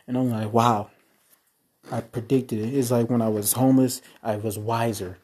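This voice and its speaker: A man's voice: mid-range voice, steady tone, normal speed, darkish tone. A man who wrestles, talking casually and rambling about his past with boasts and swearing. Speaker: independent wrestler. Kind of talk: casual monologue.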